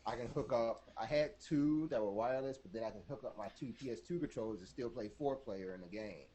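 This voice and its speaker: A man co-hosting a gaming podcast, talking in a casual, animated, rambling way. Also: mid-range voice, fairly quick, a little hiss or hum. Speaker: podcast co-host.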